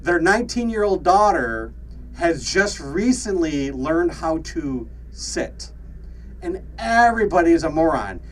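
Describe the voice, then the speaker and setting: A man's voice: a little high, very animated, unhurried, recorded from a distance, poor audio. A man co-hosting a podcast in casual chat, with lots of fillers and laughter. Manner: laughs often, many fillers and restarts. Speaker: podcast co-host.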